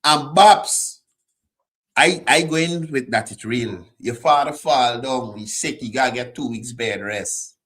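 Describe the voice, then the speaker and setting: Slow, mocking Guyanese man. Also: mid-range voice, a bit bright. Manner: mocking, repeats rhetorical questions. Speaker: host. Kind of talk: political commentary.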